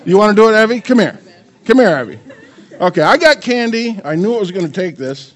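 A man's voice: high-pitched, a little fast, a faint crowd. An older man preaching a sermon, firing rhetorical questions at the congregation and joking with his grandchildren. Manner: animated, asks the audience many questions. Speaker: pastor.

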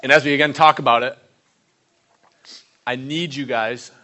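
A man's voice: mid-range voice, steady tone, moderate pace, bright, forceful tone. A man preaching a conversational sermon, stressing points with repeated questions and short reading passages. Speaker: pastor.

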